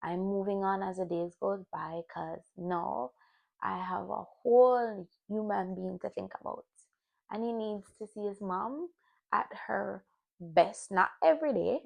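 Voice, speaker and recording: A woman's voice: mid-range voice, unhurried, vocal fry, a little mellow. A young woman talking candidly to camera, looking back on her year in a personal vlog. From Jamaican family. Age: young adult. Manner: candid, reflective, restarts. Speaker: vlogger.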